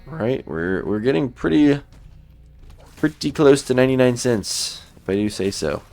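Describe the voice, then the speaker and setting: A man casually commenting while playing a video game, thinking aloud about his choices in a relaxed, sleepy way. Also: medium pitch, measured pace, gravelly, faint music behind. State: sleepy, yawning. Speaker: gaming YouTuber. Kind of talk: let's play commentary.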